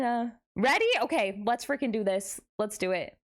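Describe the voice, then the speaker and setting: A woman's voice: a little high, moderate pace. A young adult woman streaming live, chatting casually with her viewers in a playful, dramatic way. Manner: animated, playful, dramatic exclamations.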